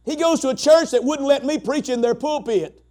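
A middle-aged man preaching a sermon, moving between shouted preaching and quiet storytelling, with frequent "uh" fillers. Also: very high voice, normal speed. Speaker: pastor.

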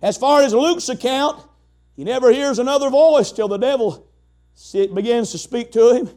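High-pitched man preaching a sermon. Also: moderate pace, mellow. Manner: emphatic, folksy, rhetorical questions to the congregation.

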